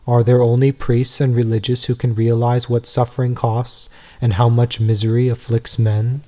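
A man reading a devotional text aloud in a measured, earnest way, full of rhetorical questions. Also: mid-range voice, little pitch movement, mellow. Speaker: reader.

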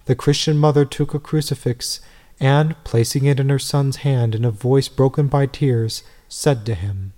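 A man reads a devotional text aloud in a mellow, warm voice. His delivery is measured and earnest, with pitch in a middle range. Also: fairly even intonation. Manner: measured, earnest, rhetorical questions. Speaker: reader.

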